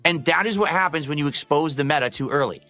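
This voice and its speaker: A man's voice: fairly high pitch, quick pace, sharp tone, faint music behind. A man in a played clip ranting with exasperation and swearing about fighting games. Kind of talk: ranting commentary.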